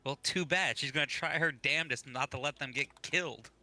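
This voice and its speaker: A man's voice: a little high, fairly quick, sharp tone. A man playing in a tabletop game, chatty and teasing, laughing often. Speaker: player. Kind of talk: casual tabletop game chat.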